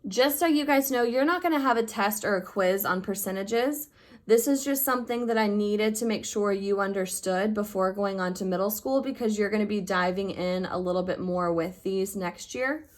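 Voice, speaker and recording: A woman's voice: mid-range voice, normal speed. Heartfelt woman teacher addressing her class. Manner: heartfelt and affectionate with her students; encouraging, upbeat teaching talk. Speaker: fifth grade math teacher. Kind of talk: recorded remote class lesson.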